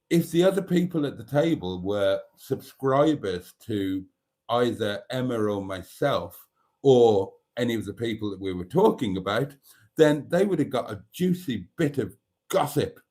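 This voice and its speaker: A man's voice: medium pitch, animated, a little slow, dark tone. Guy chatting on his live stream, reads comments, laughs a lot. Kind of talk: casual live stream chat.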